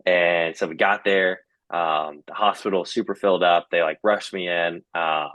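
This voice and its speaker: A man's voice: low-pitched, steady tone, normal speed, fairly bright tone, dry recording. A young man, casually telling a personal story and acting out the back-and-forth with many fillers. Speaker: guest sharing his story.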